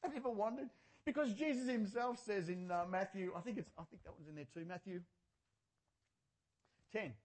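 A man preaching a sermon, passionate and theatrical, jumping from shouted points to quiet, sarcastic asides, on a mic clipped near his chin. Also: high voice, a little fast, pauses often. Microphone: clip-on or headset mic near the chin.

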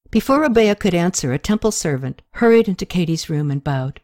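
Mellow-voiced woman narrating a novel. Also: lowish voice, lively intonation, fairly quick. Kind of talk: audiobook narration.

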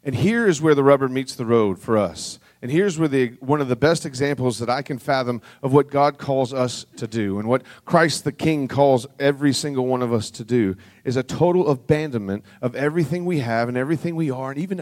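A man preaching a sermon, reading scripture aloud and sinking to a soft, low voice on solemn passages, with an earnest, conversational delivery. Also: normal speed. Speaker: pastor.

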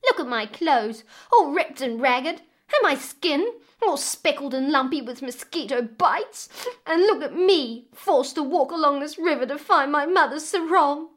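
A woman voicing a rude, spoiled young stepdaughter who whines in a shrill, petulant way. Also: expressive, a little slow. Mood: whining.

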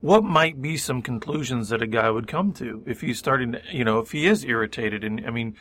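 A man's voice: mid-range voice, brisk, fairly bright tone, slight background noise. A man co-hosting a faith-based recovery radio talk show, thoughtful, building on his partner's points. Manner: thoughtful, builds on the other's point with many "I mean"s. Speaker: radio co-host.

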